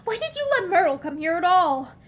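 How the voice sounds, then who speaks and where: A woman's voice: very high-pitched, big pitch swings, brisk. Woman voicing an angry, brusque young man. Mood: bitter. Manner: brusque, forceful.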